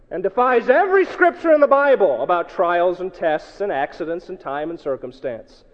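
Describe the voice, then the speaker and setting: High-voiced preacher in an echoey hall. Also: male voice, sing-song, normal speed, few pauses. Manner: emphatic and challenging, swinging between loud outbursts and low asides. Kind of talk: sermon. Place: church hall with a congregation. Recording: echoey hall, dull lo-fi sound.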